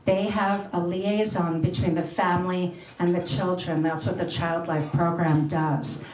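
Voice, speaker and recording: A middle-aged radio host, a woman, entertains questions and casual talk at a restaurant luncheon, bubbly and given to laughter. Her fairly low voice is a little mellow and slow with a flat delivery, recorded live in the echoey dining room.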